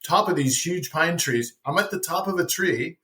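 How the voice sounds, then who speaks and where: A man guest on a podcast, telling a personal story in an animated, casual way, often asking "right?" and repeating words as he starts a thought. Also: on the high side, moderate pace.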